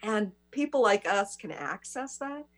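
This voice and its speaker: A woman's voice: mid-range voice, animated, a little slow. A woman hosting an interview, chatting casually and affirming her guest often. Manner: warm listener, frequent affirmations. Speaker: host.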